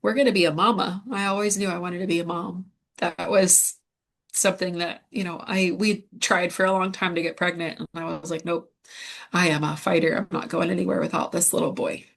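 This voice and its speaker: A woman in her thirties from the United States telling a hard personal story as an interview guest, candid and halting, with many fillers. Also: on the low side, level tone, creaky. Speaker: guest medium.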